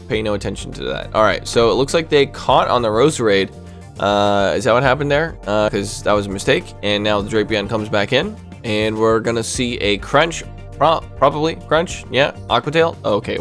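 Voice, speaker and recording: A man casually commentating on a video game battle, reacting aloud to each move with quick bursts of excitement. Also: on the low side. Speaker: gaming commentator.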